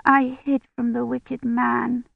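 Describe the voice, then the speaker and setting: A frightened little girl with a quavering voice, pitched well above the woman who reads her. She clings and sounds tearful and small. The sound is dry and tinny, like a phone line. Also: little pitch movement, takes it slowly, gravelly, no room sound, full character voice. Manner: quavering, high childlike voice.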